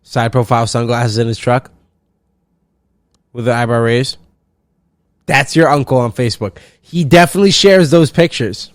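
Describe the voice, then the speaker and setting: A man's voice: mid-range voice, moderate pace, pauses often, no echo, clean studio sound. Profane, rambling young man. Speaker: podcast host. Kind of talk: solo comedic podcast rant.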